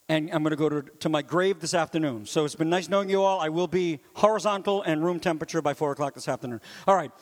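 A man preaching a sermon in a lively, conversational way, with asides to the congregation and sudden swings from loud to hushed. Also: fairly high pitch, in a large hall. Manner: animated, swings from loud to near whisper. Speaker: pastor.

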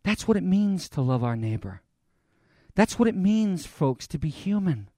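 A man's voice: high-pitched, very animated, measured pace, dark tone, no room sound, clean studio sound. A male pastor preaching a sermon in an earnest, conversational way, speaking directly to his congregation.

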